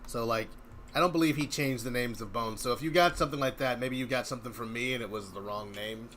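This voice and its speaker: A man's voice: medium pitch, fast, fairly bright tone, slight background noise. A man hosting a game development stream, chatting casually and joking while he works. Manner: chatty, thinks aloud, joking. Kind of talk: casual chat while working.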